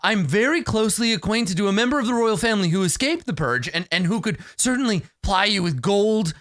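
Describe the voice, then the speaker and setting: A man voicing a terrified captive nobleman who stammers and pleads in a high, strained voice. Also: lively intonation, a little fast, a bit bright, no echo, studio quality. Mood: pleading.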